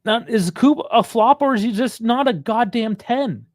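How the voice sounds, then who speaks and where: A man's voice: extremely high pitch, moderate pace, darkish tone. A man giving live fan reaction to a football match, angry and frustrated, swearing heavily as he rants about the coach's choices.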